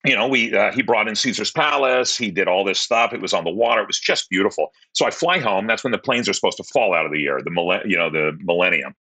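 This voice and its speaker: A man in his sixties from the Pacific Northwest, a podcast guest telling a long story in a casual, animated way and acting out the quoted dialogue. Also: lowish voice, fast talker, hardly any pauses, husky, poor audio.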